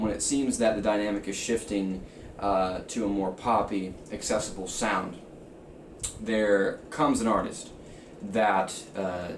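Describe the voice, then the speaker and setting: A young man in his twenties rambling through a casual video review, full of fillers and restarts, his voice a little rough from just waking up. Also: fairly low pitch. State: slightly rough, just woke up. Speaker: music reviewer. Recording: roomy, faint ambient noise.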